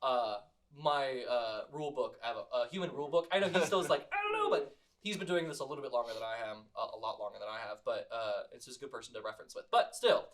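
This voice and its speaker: A man narrating as game master of a tabletop game, animated and laughing often, with many fillers. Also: medium pitch, fairly quick, hardly any pauses.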